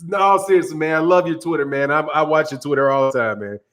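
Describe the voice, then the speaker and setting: A man's voice: a little high, quick pace, a bit bright. A man hosting a boxing channel, chatting casually and joking with his live-stream viewers, loose and playful. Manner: loose, joking, talks straight to chat, frequent laughs. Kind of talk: casual live-stream commentary reading chat.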